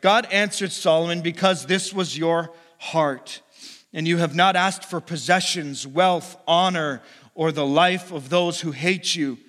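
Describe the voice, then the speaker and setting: A man's voice: a little slow, fairly bright tone. A man preaching a sermon as pastor, telling stories and acting out the voices in them. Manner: storytelling, acts out quoted voices with big pitch jumps. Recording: long hall reverb.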